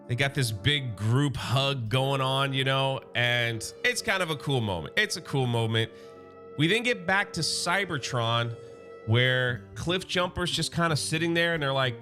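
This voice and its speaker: A man recapping a comic book in a casual, slangy, excited way. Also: medium pitch, unhurried, soft background music.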